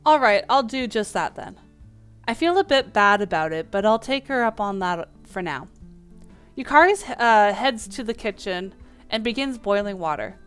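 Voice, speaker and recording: A woman's voice: medium pitch, expressive, normal speed, clear, resonant tone, faint music behind. A woman playing a dating game and reading its text aloud, with small slips and playful asides. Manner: reads lines with small slips and restarts.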